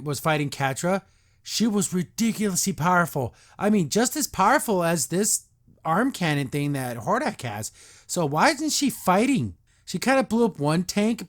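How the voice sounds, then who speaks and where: A man hosting a podcast, recapping and reacting to a cartoon episode in a sarcastic, exasperated rant. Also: sits high.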